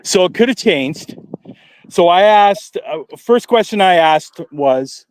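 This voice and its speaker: Speaking from a cemetery at night on a live paranormal stream, a male paranormal investigator chats casually, full of ums, restarts and dry sarcasm. His voice is high with lively intonation and a slow pace, and there is no echo.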